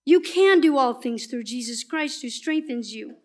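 A woman giving a passionate, emphatic sermon at church that often turns soft and earnest. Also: high voice, expressive, normal speed. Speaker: church speaker.

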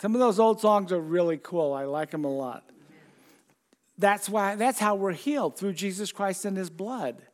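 High-voiced conversational male preacher. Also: moderate pace. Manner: conversational preaching with questions to the congregation. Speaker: pastor. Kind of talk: sermon. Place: church.

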